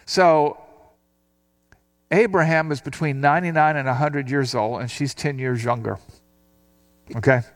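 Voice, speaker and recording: An older man teaching a Bible passage, reading verses aloud and explaining them in a relaxed, conversational way. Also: a little high, unhurried, pauses often. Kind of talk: sermon.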